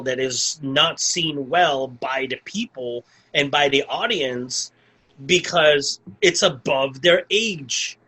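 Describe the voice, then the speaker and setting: A man's voice: fairly high pitch, sharp tone, rough recording. A man co-hosting a podcast, recapping a film in casual chat, rambling with lots of "like" and restarts. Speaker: podcast co-host. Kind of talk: casual movie review chat.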